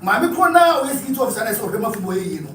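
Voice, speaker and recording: A man's voice: high-pitched, expressive, rapid-fire, slight background noise. A Ghanaian man giving an impassioned address at a meeting, speaking emphatically and mixing in English phrases, recorded in a room from a distant mic. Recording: echoey room, mic far off.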